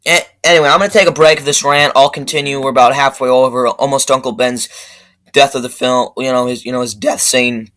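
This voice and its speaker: A man giving a rambling, profane movie review rant that keeps flaring up into loud outbursts. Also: medium pitch, fairly even intonation, fairly quick, low-quality recording.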